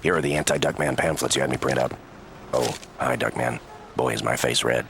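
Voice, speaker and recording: A dim, deadpan cartoon sidekick rattles off lines quickly. His voice is extremely deep and gravelly, with faint noise underneath. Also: heavily acted.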